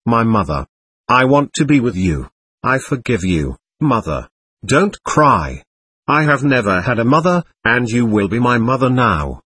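A man reading aloud the words of a lost, lonely, childlike girl spirit from a séance record, in a plain, steady way. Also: mid-range voice, a little slow, slightly rough, no echo, exaggerated voice. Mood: wistful.

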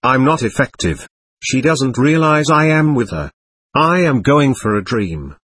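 A man reading the part of a young woman's spirit, calm and measured, in a dry, close recording. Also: mid-range voice, dry recording.

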